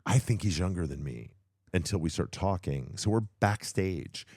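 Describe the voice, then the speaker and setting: A man's voice: low voice, animated, normal speed, vocal fry, darkish tone, dry recording, studio quality. A man in his late fifties co-hosting a podcast, telling long rambling backstage stories with restarts and swearing. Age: 50s. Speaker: podcast co-host. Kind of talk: casual chat.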